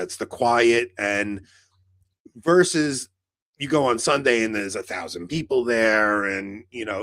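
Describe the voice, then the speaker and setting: A man's voice: mid-range voice, a bit bright, no echo. A man co-hosting a podcast in casual chat, telling a long rambling story full of "like" fillers and acted-out dialogue. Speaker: podcast co-host.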